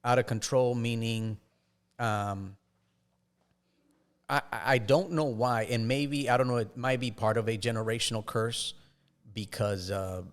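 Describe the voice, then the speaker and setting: A man, a podcast guest, telling his life story in a casual, halting way with frequent restarts. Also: medium pitch.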